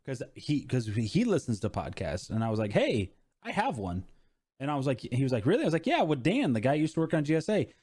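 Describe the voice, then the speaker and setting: A man co-hosting a casual podcast, relaxed and chiming in with short reactions before telling his own story. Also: medium pitch, fast, breathy edge. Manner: laid-back, chimes in with short reactions. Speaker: podcast co-host. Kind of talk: casual chat.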